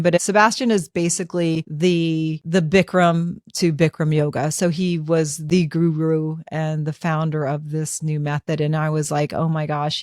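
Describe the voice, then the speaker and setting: A woman in her fifties tells a personal story as a podcast host. She talks in an animated, conversational way and acts out her own thoughts. Her voice sits slightly low, and the close mic gives a dry sound. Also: no room sound.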